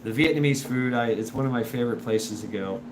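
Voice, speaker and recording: A man hosting a show in a casual, rambling monologue, full of restarts and repeated words, and animated when he imitates other people. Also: mid-range voice, a little fast. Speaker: show host. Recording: noisy background.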